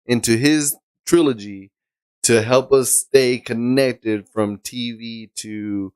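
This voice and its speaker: A man's voice: medium pitch, fairly even intonation, slow, a little mellow, clean tone, dry recording. A man co-hosting a podcast in casual chat, rambling and laughing often. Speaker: podcast co-host.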